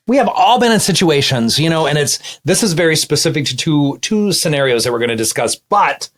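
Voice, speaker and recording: A man in his fifties, a couples therapist co-hosting a podcast, chatting in a lively, tumbling way full of quick asides. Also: fairly high pitch. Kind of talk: casual podcast chat. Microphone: remote call setup.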